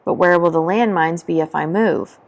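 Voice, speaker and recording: A woman with a lowish, gravelly voice reads a war novel aloud in a book talk. She leans into the drama and voices the booms and gunfire herself. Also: normal speed. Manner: dramatic reading, voicing battle sound effects.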